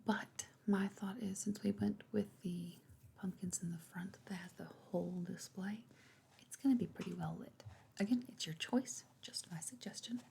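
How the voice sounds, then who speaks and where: A woman's voice: medium pitch, normal speed, vocal fry, slightly rough, full character voice. Woman doing a whispering party planner. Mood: gentle. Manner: soft, reassuring sales talk. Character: attentive female event planner showing decorations. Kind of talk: whispered role-play.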